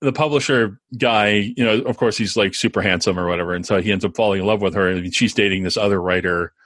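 Rambling, fairly low man's voice. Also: fast, a bit bright, no room sound. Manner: rambling, many fillers and restarts. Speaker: podcast co-host. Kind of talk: casual chat.

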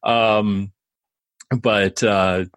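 A podcast co-host drags out his words in a fairly low, smooth, slightly bright voice with little pitch movement. His relaxed chat meanders with many fillers and restarts, and the studio-quality recording has no echo.

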